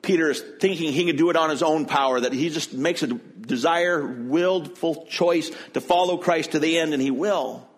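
Conversational male preacher, fairly high voice. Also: normal speed, hardly any pauses. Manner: conversational, explains and retells the text; frequent restarts and self-corrections. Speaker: pastor. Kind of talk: sermon.

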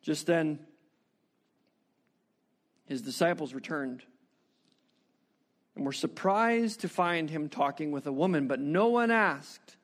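Brief: male preacher, high-pitched, animated narrative sermon full of rhetorical questions. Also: slow pace, pauses often.

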